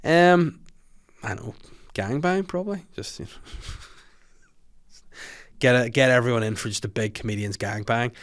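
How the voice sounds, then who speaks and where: A man's voice: medium pitch, a little slow, long pauses. A young man with a Northern Irish accent hosting a comedy podcast, rambling and jokey with crude asides. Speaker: podcast host. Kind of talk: casual comedic chat.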